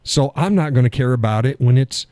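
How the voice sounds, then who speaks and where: A man's voice: mid-range voice, a little fast, warm tone, no echo. An older man hosting a live stream, talking in a folksy, sardonic way and chuckling often. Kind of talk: casual political chat.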